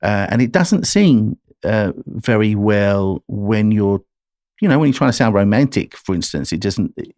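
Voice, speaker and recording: A man's voice: lowish voice, lively intonation, moderate pace, darkish tone, no echo, studio quality. English man talking about singing. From England. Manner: thoughtful, explains at length with many restarts. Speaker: guest singer-songwriter. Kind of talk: casual interview chat.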